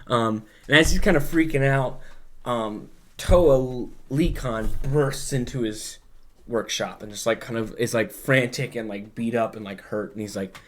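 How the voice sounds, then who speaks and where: A male podcast host with a middle-pitched voice, talking loosely and rambling as he recaps. He keeps filling gaps with filler words, drops in swear words, and corrects himself as he goes. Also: a little slow. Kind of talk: casual chat.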